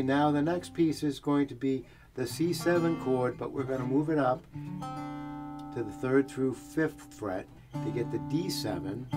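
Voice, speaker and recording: A man giving a relaxed, explanatory guitar lesson, talking through chords as he plays and humming the melody. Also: medium pitch. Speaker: guitar teacher. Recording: guitar playing behind the voice.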